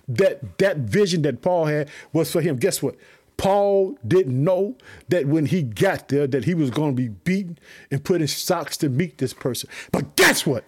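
A man's voice: fairly high pitch, darkish tone, breathy edge. A man preaching a fervent sermon, repeating phrases and urging on his listeners. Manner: fervent, repetitive call-and-response preaching.

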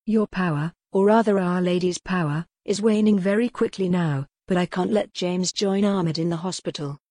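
A woman reading an audiobook voices a cool, mocking man who leads a sinister order, with a smooth, sardonic manner. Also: on the low side, normal speed, warm tone, no echo, clean studio sound, natural voice.

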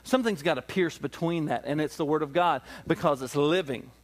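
A man with a high voice preaches from the pulpit. He drives his points home by repeating himself. He keeps turning to his listeners with questions. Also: a little fast. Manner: emphatic, repetitive preaching with rhetorical questions. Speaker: pastor. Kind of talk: sermon.

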